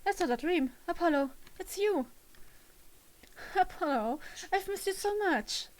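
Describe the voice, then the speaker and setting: A woman reading a loud, excitable young woman. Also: very high-pitched, a little slow, pitched above the performer's own voice. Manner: loud and eager. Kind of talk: reading game dialogue aloud.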